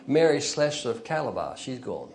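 A man's voice: mid-range voice, big pitch swings, moderate pace, darkish tone, slight background noise. An older man preaching an informal, conversational sermon, telling stories and rising into emphatic bursts. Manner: conversational, storytelling, chuckles, rises to emphatic bursts.

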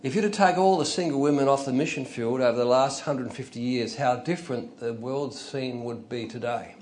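An older man delivers an informal, conversational sermon, telling stories, chuckling and rising into emphatic bursts. His medium-pitched voice is a little mellow and slightly fast, with a touch of hiss or hum in the recording.

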